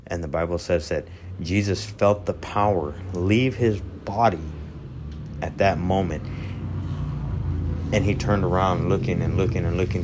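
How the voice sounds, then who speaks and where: A man's voice: low voice, steady tone, moderate pace, background noise. A man giving an earnest sermon and leading a prayer, repeating phrases for emphasis. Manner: earnest, preaching with repetition. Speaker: preacher.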